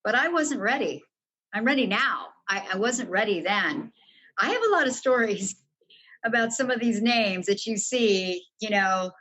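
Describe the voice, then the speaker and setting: A woman's voice: on the high side, animated, a little slow, bright, forceful tone, a little hiss or hum, low-quality recording. Frank older woman telling her story. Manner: earnest, frank storyteller who acts out quoted dialogue. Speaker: podcast guest. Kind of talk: candid storytelling interview.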